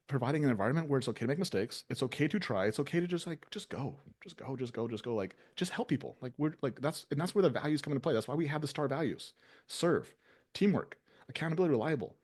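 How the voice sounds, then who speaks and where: A man's voice: mid-range voice, animated, quick pace, a little mellow. Casual man talking business. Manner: loose and conversational, many likes and ums. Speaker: business owner and show host.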